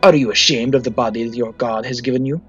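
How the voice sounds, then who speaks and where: A man's voice: medium pitch, moderate pace, breathy edge, highs cut off, soft background music, close to an everyday voice. A man voicing a pompous, preachy male dragonborn paladin in a bad put-on Spanish accent, as a storybook reading. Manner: grandiose, preachy.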